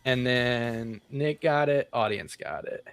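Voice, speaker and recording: A man's voice: mid-range voice, slow, a bit bright, smooth, no echo, soft background music. Joking man hosting a podcast quiz. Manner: joking, teasing. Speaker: quiz host. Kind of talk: casual podcast quiz banter.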